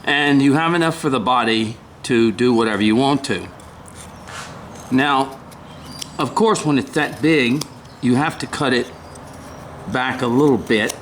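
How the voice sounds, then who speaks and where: An older man giving a casual woodcarving demonstration, talking haltingly, often clearing his throat and apologizing. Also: medium pitch, a bit bright, slight background noise. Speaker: woodcarving instructor.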